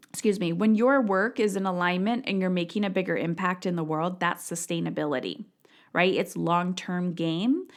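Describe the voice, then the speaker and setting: Blunt, emphatic woman podcast host. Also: lowish voice. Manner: blunt, emphatic, swears freely. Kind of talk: solo podcast monologue.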